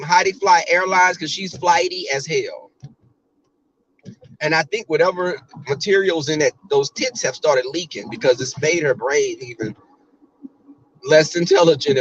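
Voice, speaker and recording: A man's voice: fairly high pitch, a bit bright, highs cut off, a little hiss or hum. A man giving blunt, profane casual commentary on a livestream, often mimicking other people.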